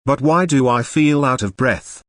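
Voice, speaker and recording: A man reading a comic aloud, voicing a clever young girl princess in a plain, lively way. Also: mid-range voice, a little slow, no echo, clean studio sound, natural voice. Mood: curious.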